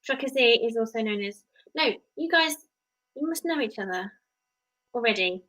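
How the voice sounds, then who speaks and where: Speaking at a normal speed in a slightly high, fairly bright voice with lively intonation, an English-accented woman hosts an easygoing live stream. As a work-from-home mum, she rambles chattily and warmly, addressing viewers and her child at once. The recording is dry, and the audio is poor.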